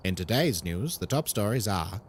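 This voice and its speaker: A man's voice: on the low side, animated, moderate pace, slight background noise, voice pushed down, natural voice. A man doing a posh, stiff newsreader. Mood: mock-formal. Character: stiff formal male newsreader.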